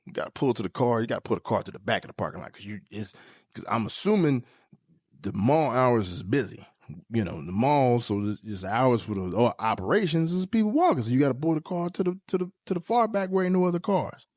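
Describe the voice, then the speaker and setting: A man telling jokes as a podcast host, his pitch swinging widely as he leaps into squeaky bits. The sound is dry and close on the mic. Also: brisk, no echo. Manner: animated, joking, with sudden jumps into high squeaky tones. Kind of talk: comedic monologue.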